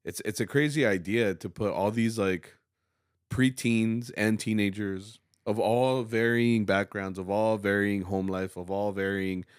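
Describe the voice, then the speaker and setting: A man's voice: fairly low pitch, fairly even intonation, measured pace, clear, resonant tone, no echo, studio quality. A man who directs a school mariachi program, chatting casually on a podcast, rambling and laughing often and mixing in bits of Spanish.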